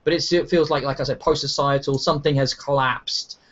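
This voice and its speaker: A man hosting a casual gaming podcast, talking in an animated, rambling way with many restarts. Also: mid-range voice, brisk. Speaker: podcast host. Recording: dull lo-fi sound.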